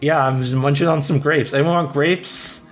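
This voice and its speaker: A man's voice: fairly high pitch, steady tone, normal speed, soft background music. A man playing a tabletop role-play game, easygoing and matter-of-fact. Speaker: player.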